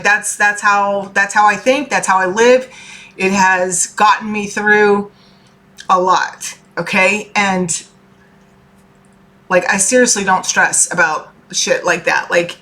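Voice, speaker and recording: Bright-voiced woman giving casual pep talk. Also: medium pitch. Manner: chatty, keeps checking in with "okay?", swears casually; earnest and heartfelt. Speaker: tarot reader and life coach. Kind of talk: casual motivational talk to viewers.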